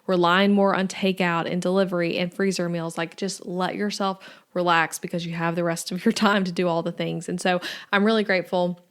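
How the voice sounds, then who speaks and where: A young woman with a drawl hosts her own podcast and talks through it in a relaxed, chatty way. She fills her speech with likes and ums and sounds friendly and conversational. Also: lowish voice, brisk, clean tone. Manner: chatty, lots of "like" and "um". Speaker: podcast host. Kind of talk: casual solo podcast talk.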